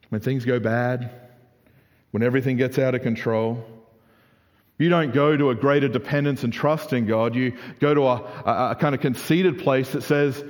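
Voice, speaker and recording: A young adult man preaching a sermon in a casual, animated way, full of "like" fillers. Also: medium pitch, moderate pace. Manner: conversational, animated, frequent "like" fillers. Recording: reverberant hall.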